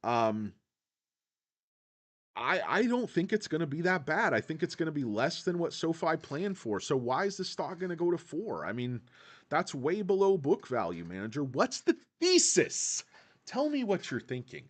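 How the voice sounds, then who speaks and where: A man's voice: fairly high pitch, big pitch swings, moderate pace. A man hosting a casual stock market video, rambling with many fillers and talking straight to his viewers. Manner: rambling, full of fillers, keeps addressing "guys". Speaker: stock channel host.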